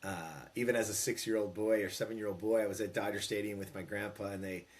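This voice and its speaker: A man in his fifties speaks as a podcast guest in a slightly low voice. He tells his story emphatically, pushing key words and acting out the lines he quotes. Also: steady tone, quick pace. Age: 50s. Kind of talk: storytelling in an interview.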